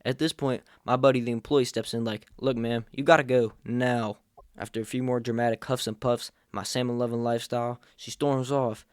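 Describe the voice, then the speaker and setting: A man's voice: mid-range voice, flat delivery, a little fast, few pauses, a little mellow, clean tone, no echo, studio quality. A young man hosting a comedic storytime vlog, telling it with sarcastic jokes. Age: young adult. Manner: sarcastic, jokey. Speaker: storyteller host.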